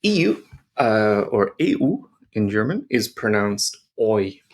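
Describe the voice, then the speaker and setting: A male language teacher speaking at an unhurried pace, with a gravelly fry in his voice. He explains pronunciation patiently and models each sound for learners. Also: fairly low pitch, sing-song.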